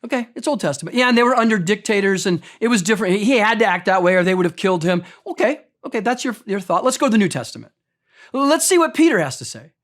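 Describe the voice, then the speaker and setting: A man's voice: high-pitched, expressive, fast talker, a bit bright. A man preaching a conversational sermon as pastor, speaking straight to his congregation and often repeating words as he talks.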